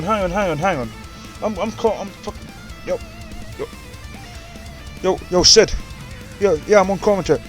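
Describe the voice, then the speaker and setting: A man giving casual, profane, excitable commentary on a wrestling video game and ranting about the roster. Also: high voice, moderate pace, pauses often, faint music behind. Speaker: commentator and show runner.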